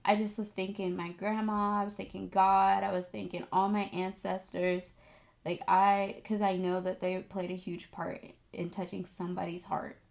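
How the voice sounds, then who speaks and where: With a creaky voice and a moderate pace, a young vlogger who is also an esthetics student chats straight to camera, spinning a casual, emotional story stuffed with "like"s and fillers. Exciting bits send her voice soaring, and sometimes she sounds almost teary.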